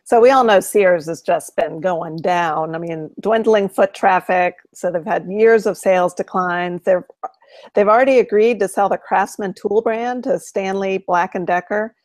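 A woman's voice: medium pitch, normal speed, darkish tone, dry recording. Woman co-host, conversational, recaps news items; dry, close audio. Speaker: co-host of an appliance repair show. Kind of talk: casual chat.

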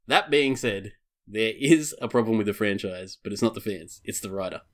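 Reading from prepared notes, this fairly low-voiced man hosts a podcast segment with lively intonation at a normal speed. His delivery is casual and wry, broken up by dry jokes and the odd curse.

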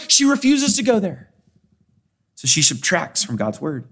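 Male preacher, high voice, expository sermon with frequent scripture quotes and emphatic repeats. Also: huge pitch swings, a little slow, a bit bright. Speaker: pastor.

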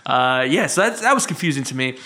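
A man's voice: medium pitch, sing-song, fast, sharp tone. A man co-hosting a comedy podcast, rambling and joking in casual chat. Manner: rambling, joking, laughs often. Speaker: podcast co-host.

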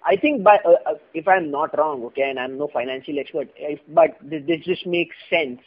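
High-voiced Indian English host, tinny sound. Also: male voice, normal speed. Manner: explanatory, lively, frequent hesitations. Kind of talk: casual discussion show.

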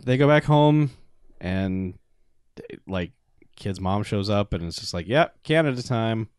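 A man's voice: low-pitched, slow, clean tone, dry recording, clean studio sound. A man co-hosting a casual podcast who jokes about a film and laughs often. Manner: joking, laughs often, lively interjections. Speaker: podcast co-host. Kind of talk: casual movie-riffing chat.

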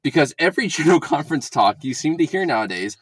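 A man's voice: on the high side, sing-song, fast talker, slightly rough, dry recording. A man co-hosting a casual podcast chat about church talks, wry and joking, often acting out quotes. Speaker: podcast co-host.

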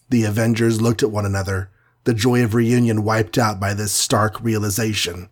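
A man's voice: on the low side, fairly even intonation, moderate pace. A man narrating a superhero storybook with a dramatic, vivid reading. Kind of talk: scripted audiobook narration.

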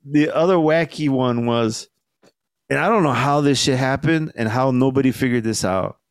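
A young man on a podcast telling a story in casual chat, laid-back and swearing a lot, acting out the shouted lines he quotes. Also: medium pitch, normal speed, smooth, dry recording, clean studio sound. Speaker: podcast co-host.

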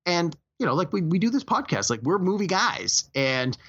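A man's voice: sits high, big pitch swings, moderate pace, fairly bright tone, breathy edge. A man co-hosting a movie podcast, ranting animatedly about a pet peeve and acting out quoted lines. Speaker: podcast co-host. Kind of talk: casual podcast chat. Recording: dull lo-fi audio.

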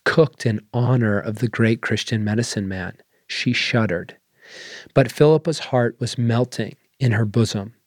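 Measured male storyteller, dry sound. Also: mid-range voice, darkish tone, no echo. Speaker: story reader. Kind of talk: scripted narration.

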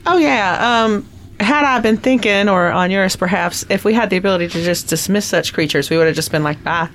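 A woman's voice: medium pitch, slight background noise. Playful woman quipping at a game table. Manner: playful, quick quips. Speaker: player. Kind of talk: casual tabletop game chat.

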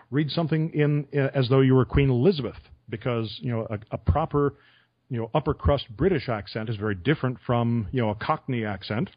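A man with radio experience, telling stories and giving advice in a relaxed conversational way, chuckling often. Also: medium pitch, no room sound, highs cut off. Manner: storytelling with chuckles. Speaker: radio interviewer. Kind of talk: conversational podcast interview.

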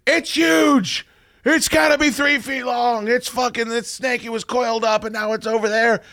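A man putting on the voice of his panicked wife, shouting in a shrill, frantic way. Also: fairly even intonation, normal speed, heavily acted. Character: panicked hysterical wife, woman adult.

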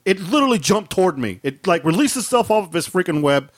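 A man telling a story in a casual podcast chat, animated and laughing often as he acts out the scenes. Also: sits high, fast talker. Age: adult with a wife and dogs. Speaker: podcast co-host.

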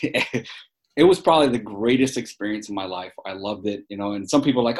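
A man in his forties from New York tells stories as a guest in a casual interview, earnest and rambling, with lots of fillers and restarts. His pitch is fairly low and he talks a little fast.

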